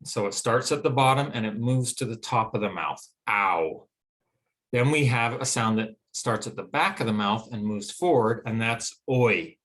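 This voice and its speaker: A man with a Western American accent teaching a phonetics lesson, explaining clearly and pausing to sound out vowels. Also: mid-range voice, fairly bright tone. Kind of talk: phonetics lecture.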